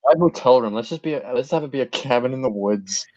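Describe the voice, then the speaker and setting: A man's voice: medium pitch, fast, a little mellow, no echo, muffled recording. A young male co-host in a casual call, heckling and swearing as he chips in.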